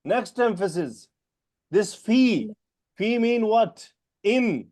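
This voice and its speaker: Male teacher, non-native English, mellow tone, higher pitch, Quran grammar lesson, quizzing students. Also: animated. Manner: questioning students by name, explaining terms slowly.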